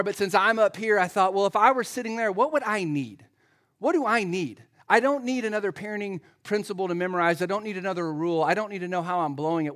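A middle-aged man preaching a sermon, telling self-mocking stories to his congregation and building up to loud, excited shouting. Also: fairly high pitch. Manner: self-deprecating storytelling to a congregation; rises to loud excited shouting in the story's climax. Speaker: pastor.

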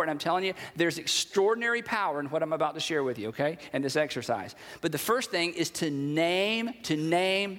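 A man with a high, fairly bright voice preaches as pastor, speaking in a conversational way and acting out quoted everyday dialogue. There's a long hall reverb on the recording.

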